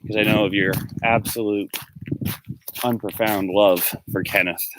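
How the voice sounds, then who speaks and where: A man casually chatting with viewers while walking outdoors, rambling from topic to topic and answering them by name. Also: lowish voice. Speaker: livestream host and musician. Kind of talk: casual chat on a walk. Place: outdoors, walking through a neighborhood. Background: faint street noise, dogs barking in the distance.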